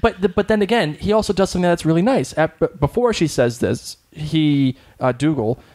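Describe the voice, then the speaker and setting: A man's voice: a little high, brisk, a little mellow. A man co-hosting a casual podcast, chatty and opinionated, often laughing as he talks. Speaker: podcast co-host.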